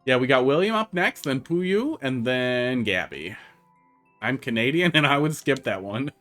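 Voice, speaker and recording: A man's voice: medium pitch, lively intonation, a little slow, a bit bright, soft background music. A man with a Wisconsin accent, chatting casually as a streamer while he plays and answers chat. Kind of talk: casual live-stream commentary.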